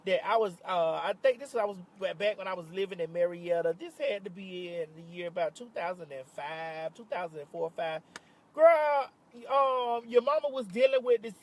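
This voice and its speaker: A woman telling a dramatic storytime on her vlog, sassy and profane, with bursts of exclamation. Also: medium pitch. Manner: exclamatory outbursts of disbelief. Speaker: vlogger.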